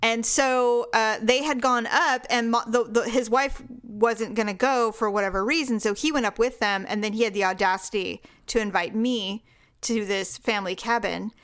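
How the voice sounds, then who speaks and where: Woman podcast co-host, fairly high voice, frank animated storyteller. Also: normal speed. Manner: animated storyteller acting out quoted dialogue; frank, swears, laughs often. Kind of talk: casual storytelling chat.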